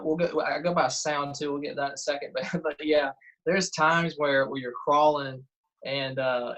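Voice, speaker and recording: A man, a guest in a casual interview, telling lively stories and acting out quotes. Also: on the high side, low-quality recording. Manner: animated storyteller, acts out quotes, frequent "uh" and laughs. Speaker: guest diver and detectorist.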